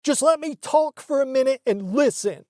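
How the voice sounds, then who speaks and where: Guy doing a squeaky whiny mom voice, fake crying, singsongy, mocking. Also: lively intonation, normal speed, mellow, dry recording, studio quality. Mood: whiny mockery. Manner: mocking, whining, sing-song. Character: middle-aged mother, whiny, fake sobbing.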